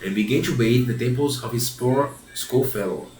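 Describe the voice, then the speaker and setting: A man's voice: medium pitch, moderate pace, darkish tone. A man reading a children's classic aloud, often restarting and repeating phrases as he goes. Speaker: reader. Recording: roomy echo, faint background hiss.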